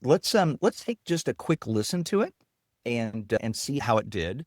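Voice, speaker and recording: A man, a technology guest, explaining and demonstrating software with enthusiasm in a casual interview. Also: mid-range voice, sing-song, moderate pace, no echo, studio quality. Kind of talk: casual interview with screen demo.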